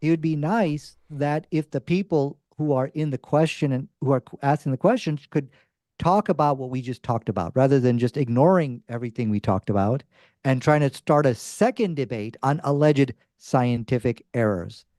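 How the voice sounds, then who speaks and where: A man's voice: medium pitch, normal speed, darkish tone, no room sound, clean studio sound. A man arguing his side in a debate, insistent and assertive. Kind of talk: debate argument.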